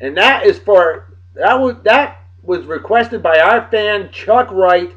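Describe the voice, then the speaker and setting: A man hosting a daily beer and song show in a rowdy, casual way, loud and excitable, swearing and joking, swinging from shouting to muttering. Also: sits high, slow, lo-fi sound.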